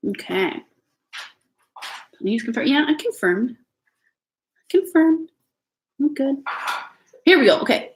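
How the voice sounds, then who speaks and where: A woman's voice: fairly high pitch, expressive, unhurried, long pauses, rough recording. Canadian woman reading tarot live. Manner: chatty, reassuring, many fillers and restarts. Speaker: tarot reader. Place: home with family noise nearby.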